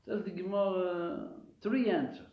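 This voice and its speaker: Rabbi, echoey lecture. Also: male voice, high voice, unhurried. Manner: animated, asks and answers his own questions; frequent hesitations and restarts. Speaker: rabbi teaching a weekly class. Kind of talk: live Torah class lecture. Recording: echoey room, dull lo-fi sound.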